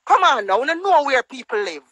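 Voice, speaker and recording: With big swings in pitch, a slightly fast pace, and a somewhat bright voice, she delivers an angry patois rant on a phone live stream. The Jamaican-accented woman scolds and mocks in a higher voice, and the low-quality recording has no room sound.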